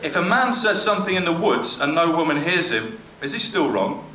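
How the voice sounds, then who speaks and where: Male stand-up, slightly high voice, deadpan and hesitant, echoey venue with noise behind. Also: brisk. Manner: hesitant, dry, lots of ums and trailing asides. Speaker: stand-up comedian reading jokes. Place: comedy venue stage. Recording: echoey room with background noise. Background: audience laughter.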